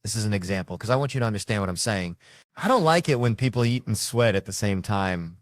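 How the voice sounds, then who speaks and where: Man, stand-up comedian, profane, exasperated, animated storytelling, lowish voice, dry close sound. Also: fast, no echo.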